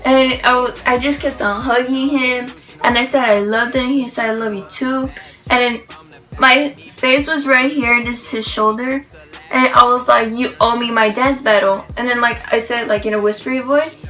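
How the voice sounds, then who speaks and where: A woman vlogs in a gushing, rambling way, piling up "like" and restarts as she tells her story. Her voice is bright and a touch high, and faint music plays behind her. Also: normal speed, low-quality recording. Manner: excited, rambling, gushing, heavy use of "like". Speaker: vlogger. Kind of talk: casual storytelling to camera.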